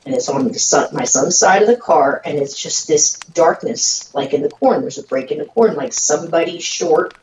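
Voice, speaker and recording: Woman, lowish voice, halting casual storytelling, far from mic, echoey room. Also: expressive, slight background noise. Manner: halting, quiet storytelling with fillers. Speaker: guest storyteller. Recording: distant, dull audio in a roomy space.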